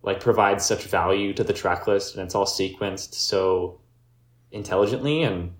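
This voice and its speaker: A man co-hosting a podcast, talking haltingly in casual chat about an album. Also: low voice, reverberant. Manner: halting, searches for words. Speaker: podcast co-host.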